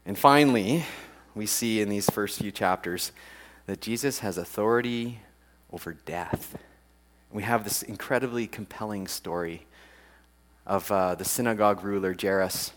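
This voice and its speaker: A man giving a casual, chatty sermon. He laughs often and acts out the people in the story with big jumps in pitch. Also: moderate pace, fairly bright tone. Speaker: preacher.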